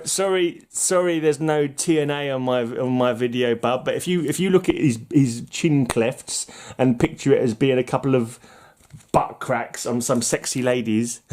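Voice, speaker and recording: A man with a medium-pitched, somewhat mellow voice casually chats on his channel about comic books, which he collects. He rambles, jokes around, and giggles often.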